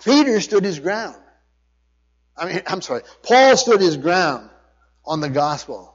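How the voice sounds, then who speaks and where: Preaching emphatically, this man restarts his words frequently while unpacking a passage through word study. His pitch sits high with big swings, his pace is a little slow, and his voice has a breathy edge, all captured in a dull recording full of long hall reverb.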